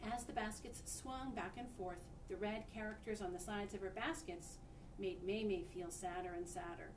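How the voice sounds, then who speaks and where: A woman expressively reading a picture book aloud to children, pausing to point out the pictures. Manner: expressive, pauses to show pictures. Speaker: storybook reader. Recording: echoey room, distant mic, faint rumble.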